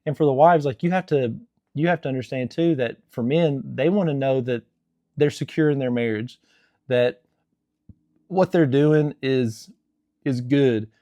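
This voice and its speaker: A young man talks earnestly and casually, giving marriage advice with many restarts and fillers. His voice is warm and mellow. The sound is dry and close, with no room echo. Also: mid-range voice, a little slow, pauses often, highs cut off. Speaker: Christian marriage vlogger. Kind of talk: casual advice talk to camera.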